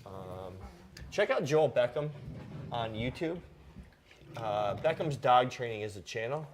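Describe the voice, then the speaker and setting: A man's voice: mid-range voice, measured pace, slight background noise. Laid-back man reading viewer questions. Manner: relaxed, rambling, reads viewer questions aloud. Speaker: host. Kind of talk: casual live-stream chat.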